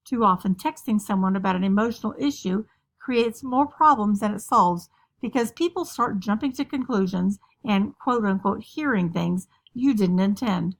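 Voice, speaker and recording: A woman's voice: medium pitch, lively intonation, normal speed, vocal fry. Earnest woman narrating a lesson. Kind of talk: lesson narration with a poem reading.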